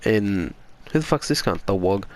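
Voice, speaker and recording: A man's voice: on the low side, lively intonation, normal speed. An Australian man from Sydney telling a story in casual chat, swearing freely and laughing as he goes.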